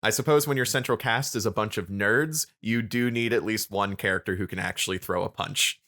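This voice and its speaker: A man co-hosting a podcast, chatting casually and recapping episodes in a relaxed storytelling way. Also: on the low side, fairly quick. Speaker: podcast co-host.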